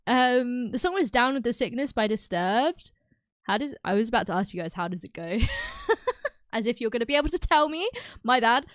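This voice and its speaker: A woman's voice: on the high side, very animated, normal speed, pauses often, no room sound, clean studio sound. A young woman streaming, chatting casually with her viewers, bubbly and giggly, often breaking into laughter. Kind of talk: casual chat with live chat.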